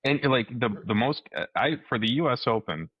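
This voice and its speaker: A man's voice: mid-range voice, expressive, fairly quick, husky, no echo, highs cut off. A man co-hosting a podcast, telling a story casually and acting out the quotes, with many restarts. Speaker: podcast co-host.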